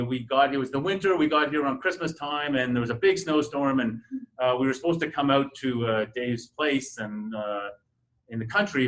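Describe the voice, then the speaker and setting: A man's voice: mid-range voice, a bit bright, low-quality recording. A middle-aged man speaking on a conference panel, telling his story in a hesitant, conversational way with many fillers and restarts. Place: university conference room.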